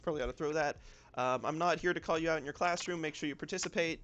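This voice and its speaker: A man's voice: on the high side, quick pace, slight background noise. A man with a light Southern US accent, chatting casually on a live stream as he draws, rambling and talking to himself with frequent ums. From southern United States. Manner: relaxed, rambling, self-talk with many ums and y'alls. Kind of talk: casual live-stream chat while drawing. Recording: faint lo-fi music behind. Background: lo-fi music.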